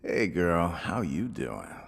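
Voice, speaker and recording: A cocky, sarcastic drawler. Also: male voice, on the low side, big pitch swings, unhurried. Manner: laid-back, sarcastic drawl. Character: cocky, laid-back young man. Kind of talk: anime dub acting. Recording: music score behind.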